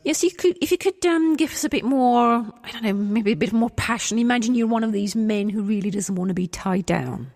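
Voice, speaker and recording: A woman with a fairly high voice co-hosts a podcast. She chats quickly and brightly through comedy sketches and casual talk. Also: big-room sound. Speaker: podcast co-host.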